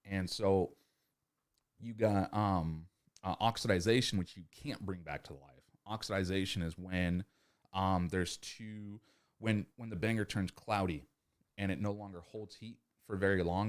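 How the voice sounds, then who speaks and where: A man with a fairly low voice talks through sales advice on his podcast. He rambles casually and swears constantly, like he's chatting with a friend. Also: measured pace. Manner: profane, rambling, acts out customer scenes. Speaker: podcast host.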